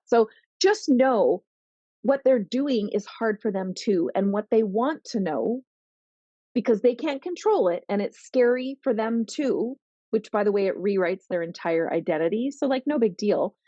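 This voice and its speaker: A woman giving parenting advice on a podcast, earnest and animated, acting out what teens and parents say. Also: medium pitch, dry recording, lo-fi sound. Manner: earnest, animated, acts out teen and parent voices. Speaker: parenting coach guest.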